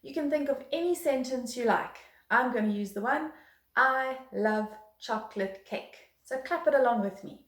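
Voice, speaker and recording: A woman's voice: sits high, lively intonation, brisk, few pauses, a little hiss or hum. Encouraging woman teaching violin, roomy sound. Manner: patient, encouraging, counts and chants rhythms aloud. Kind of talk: beginner music lesson. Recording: roomy echo.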